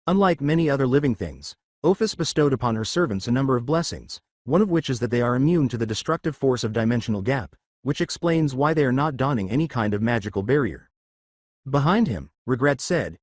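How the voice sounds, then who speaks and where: A man reading a fan story aloud as its narrator, in a steady storytelling way. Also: mid-range voice, quick pace, dry recording, clean studio sound.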